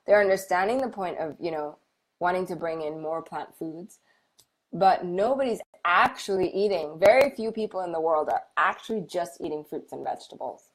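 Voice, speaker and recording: A woman hosting a casual live stream, chatting warmly and encouragingly with viewers with lots of fillers and restarts. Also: on the low side. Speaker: medical intuitive hosting a live Q&A.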